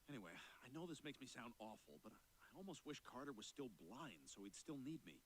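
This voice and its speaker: An actor voicing a wisecracking, self-serving adult talking dog with a sardonic, wheedling manner. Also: male voice, mid-range voice, very animated, fairly quick, a little hiss or hum, lightly acted.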